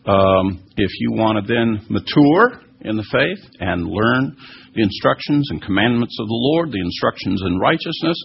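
A man's voice: fairly low pitch, lively intonation, moderate pace, gravelly, a little hiss or hum. A man teaching scripture and answering listeners' questions, earnest and emphatic, with many fillers and restarts. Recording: dull lo-fi recording.

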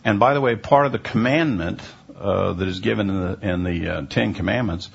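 Gravelly low-voiced man teaching scripture. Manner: unhurried, explanatory, frequent "uh" hesitations. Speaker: messianic teacher answering listener questions. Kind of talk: question-and-answer Bible teaching. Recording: dull lo-fi recording.

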